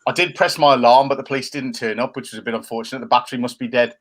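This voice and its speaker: Animated man ranting. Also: mid-range voice, racing. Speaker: co-host of a chat show. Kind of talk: casual chat. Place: home room by a window. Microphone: laptop camera.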